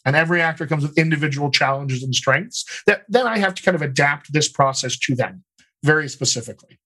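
Explanatory American man, slightly high voice. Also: a little fast, pushed and bright, husky, low-quality recording. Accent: General American with slight Colorado features. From United States. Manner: explanatory, methodical, talks in lists. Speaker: dialect coach. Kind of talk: conversational interview.

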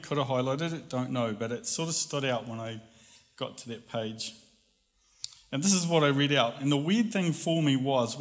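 A man telling a personal story in a casual, animated way, laughing often and acting out voices. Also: mid-range voice.

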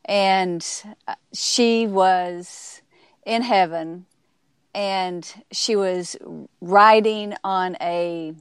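A woman guest recounting stories in an interview, her voice smooth and resonant. She talks in a halting way, often restarting sentences and using fillers. The sound is dry and close. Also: mid-range voice, fairly even intonation, no room sound. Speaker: author and speaker, guest. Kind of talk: casual interview storytelling.

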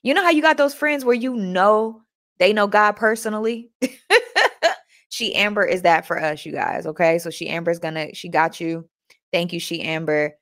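A young woman hosting a motivational live chat, animated and talking straight to her listeners, often repeating herself. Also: lowish voice, normal speed. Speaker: host.

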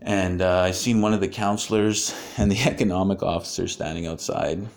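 A man's voice: low-pitched, fairly even intonation, brisk. Man telling a story. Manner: casual, swears often, many fillers. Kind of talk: personal storytelling.

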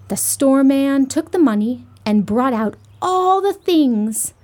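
A woman hosting a children's storytime, reading aloud in a bright, sing-song way for small children. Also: high-pitched, expressive, slow.

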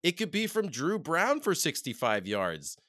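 Excitable man talking football. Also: on the high side, a little slow, dry recording, clean studio sound. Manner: excitable, animated, laughs often. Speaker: podcast co-host. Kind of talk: casual sports chat.

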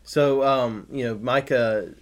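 A man's voice: mid-range voice, fairly even intonation, takes it slowly. A man co-hosting a casual Bible study talk, rambling with many fillers and restarts. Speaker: podcast co-host.

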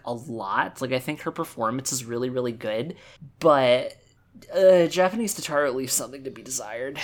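A podcast co-host chatting casually, rambling and circling back to restate opinions on voice performances. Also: mid-range voice. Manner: rambling, many fillers and restarts while giving opinions. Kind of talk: casual chat about game voice acting.

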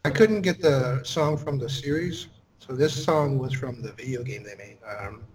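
A man chatting casually as a podcast guest, relaxed and laughing easily. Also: medium pitch, normal speed, crowd noise, poor audio. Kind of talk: casual chat.

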